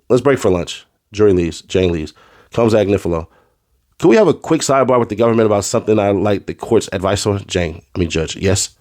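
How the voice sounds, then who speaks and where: A man reading a courtroom transcript aloud, naming each speaker in a flat, clipped way. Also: low-pitched, no echo, clean studio sound. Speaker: trial recap reader.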